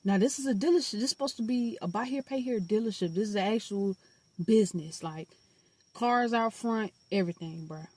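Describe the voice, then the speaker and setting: A woman's voice: medium pitch, brisk, no echo. Blunt, slangy young woman telling a story. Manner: animated, blunt and profane, with slangy asides. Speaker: storytime vlogger. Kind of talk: casual storytelling.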